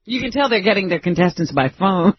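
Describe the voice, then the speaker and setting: A woman co-hosting a radio show, tossing in dry, quick retorts in casual chat. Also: medium pitch, animated, husky, no room sound. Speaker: radio co-host. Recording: dull radio broadcast.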